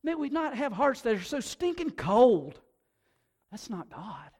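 High-voiced animated male preacher. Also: a little slow, slightly rough. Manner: animated, often repeats words and swings between soft and loud. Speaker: pastor. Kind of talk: sermon to a congregation.

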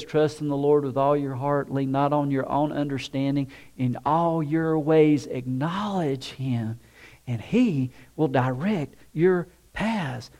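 A man preaching a sermon, animated, who acts out the voices of people in his stories and laughs between points. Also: a little high. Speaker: pastor.

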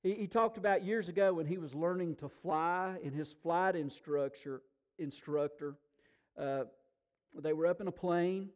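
A man preaching a sermon in a folksy, animated storytelling way, often restarting his sentences. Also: fairly high pitch, a little slow, dull audio. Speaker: pastor.

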